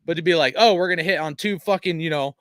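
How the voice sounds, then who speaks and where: A man's voice: on the high side, fast, fairly bright tone, no room sound, studio quality. A man hosting a fan stream, venting in a frustrated, profane rant full of fillers while reading chat, tired after a long day. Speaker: fan channel host.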